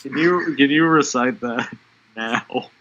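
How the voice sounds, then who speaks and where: A man with a bright, ringing voice co-hosts a casual podcast from an online call. He talks in an animated, self-deprecating way. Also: mid-range voice, takes it slowly, dull audio. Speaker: podcast co-host. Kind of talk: casual chat.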